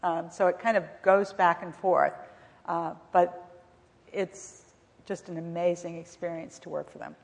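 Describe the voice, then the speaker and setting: A woman's voice: on the low side, fairly even intonation, a little slow, creaky. Reflective woman in a reverberant hall. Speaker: panelist, former White House staffer. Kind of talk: panel discussion, personal recollection.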